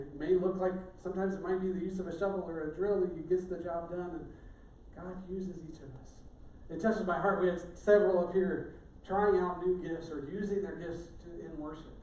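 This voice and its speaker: A man's voice: sits high, fairly even intonation, normal speed, dark tone. A middle-aged male pastor giving a sermon in a conversational, joking way. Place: church sanctuary. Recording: echoey church room, distant mic.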